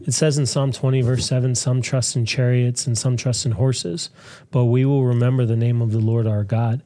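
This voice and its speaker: A man with a warm, mellow tone co-hosts a casual church talk show. He explains scripture earnestly and builds his points step by step. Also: medium pitch, flat delivery, moderate pace. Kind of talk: casual faith discussion.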